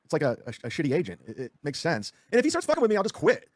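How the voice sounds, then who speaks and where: A man argues defensively on a podcast, tripping over his words. He talks very fast at a fairly high pitch. The sound is dry and close. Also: huge pitch swings, no echo. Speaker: streamer. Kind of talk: heated podcast argument.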